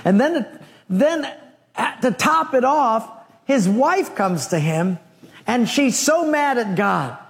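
A man preaching a sermon, telling a Bible story in an animated way with humorous asides. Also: extremely high pitch, takes it slowly, vocal fry, in a large hall. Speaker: pastor.

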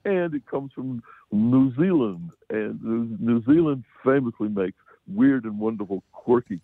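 American film reviewer, low voice, dry tinny phone line, rambling and chuckly. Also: male voice, dry recording. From United States. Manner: rambling, chuckling, many restarts. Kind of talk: casual radio film review.

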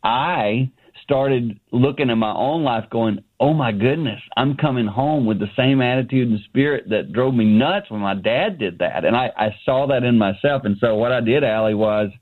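A middle-aged man tells a story from his own life with earnest warmth, slipping into quoted lines as he goes. His voice comes through a narrow, tinny phone connection. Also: mid-range voice, moderate pace, hardly any pauses. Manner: earnest, animated storyteller who acts out dialogue. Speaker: ministry founder, guest. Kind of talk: telling a personal story on a radio show. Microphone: remote line.

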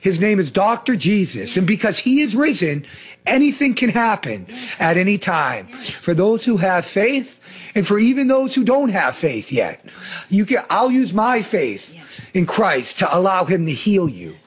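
High-voiced fervent man preaching. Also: big pitch swings, measured pace, husky. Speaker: host. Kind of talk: preaching talk show.

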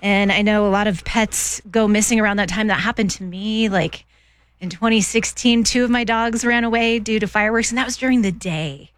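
A woman's voice: medium pitch, fairly quick, dry recording. A woman hosting a radio show, bubbly and cooing, laughing a lot. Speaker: radio host. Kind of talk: casual radio chat.

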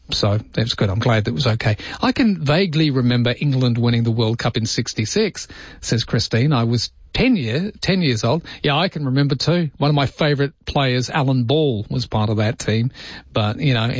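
A man's voice: medium pitch, no room sound. Chatty late-night radio host man. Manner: chatty, reads out listener texts and greets callers by name. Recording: slightly dull radio broadcast sound.

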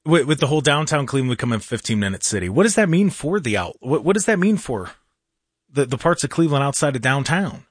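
A man's voice: mid-range voice, sing-song, fast talker, slightly rough, dry recording. A male talk radio host ranting in casual chat, with many restarts.

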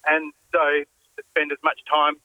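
A man calling a radio show and telling a story in a relaxed, hesitant way. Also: a little high, normal speed, no room sound, narrow, tinny audio. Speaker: caller.

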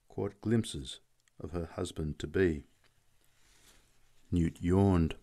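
A man narrating a story aloud in a measured storytelling manner. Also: fairly low pitch, warm tone. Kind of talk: audiobook narration.

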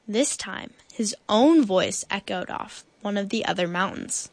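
A woman reading a children's picture book aloud in slow, deliberate storytelling. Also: medium pitch, fairly bright tone, no room sound. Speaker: guest reader.

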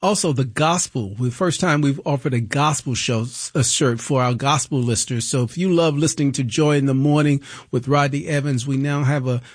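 A man's voice: medium pitch, a little fast, hardly any pauses, no echo, studio quality. A man with a New York accent hosting a radio pledge drive, chatting in an upbeat way and repeating the call-in number. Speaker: radio host.

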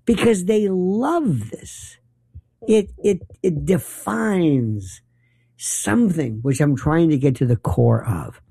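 A man's voice: on the high side, expressive, takes it slowly, creaky, dark tone, slightly rough, no room sound. A middle-aged man hosting a late-night talk radio show, delivering a rambling, opinionated and wry monologue.

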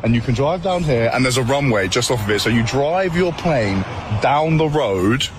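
British male vlogger outdoors, amazed, lively pitch, street noise. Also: normal speed. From United Kingdom. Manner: amazed, exclaiming. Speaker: fitness influencer. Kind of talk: casual travel vlog. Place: outdoors in a neighborhood.

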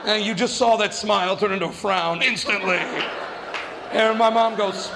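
Animated, high-voiced man telling a stand-up story. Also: creaky, big-room sound, background noise. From New Mexico. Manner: fast, animated, acts out quoted voices. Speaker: stand-up comedian.

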